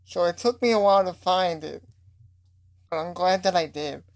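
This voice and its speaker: A woman's voice: on the low side, moderate pace. A woman interviewing guests, asking thoughtful questions with many fillers.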